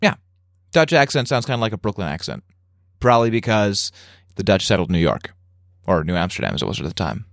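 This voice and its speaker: A man's voice: on the low side, sing-song, fairly quick, long pauses, no room sound, clean studio sound. A man hosting a podcast, chatting casually and riffing playfully on absurd jokes. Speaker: podcast host. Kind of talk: casual comedic chat.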